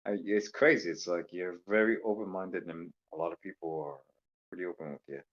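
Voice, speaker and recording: A man's voice: sits low, steady tone, brisk, muffled recording. A man from Louisiana calling in to a stream, joking and rambling with lots of fillers. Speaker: caller. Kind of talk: casual call-in chat. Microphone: voice call microphone.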